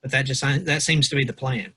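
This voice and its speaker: Male podcast co-host, husky, mid-pitched, rambling casual talk. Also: steady tone, brisk, bright, forceful tone. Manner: loose, rambling, reads quotes aloud with restarts. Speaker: podcast co-host, pastor or lawyer. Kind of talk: casual book discussion.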